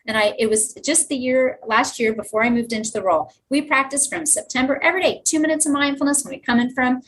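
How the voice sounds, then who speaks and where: Her voice high and her pace fast, a teacher guesting on a podcast shares classroom stories with enthusiasm and lively asides. The recording quality is rough.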